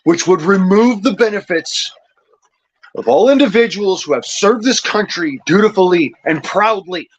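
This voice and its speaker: A man's voice: high voice, lively intonation, moderate pace, breathy edge, highs cut off. An injured veteran, a man who has had a couple of beers, ranting furiously and profanely into his cell phone, stammering over his restarts. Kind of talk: angry vlog rant.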